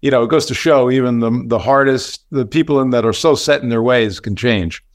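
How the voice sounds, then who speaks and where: Man, podcast co-host, hesitant questions, mid pitch, dry sound. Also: no echo. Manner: halting, hesitant, many fillers. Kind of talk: interview questions.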